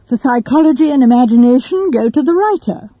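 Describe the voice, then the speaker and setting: A woman's voice: sits high, lively intonation, a little fast, dark tone, dry recording, dull audio, pitched above the performer's own voice. Woman doing an ironic teasing young artist lady, dry close sound.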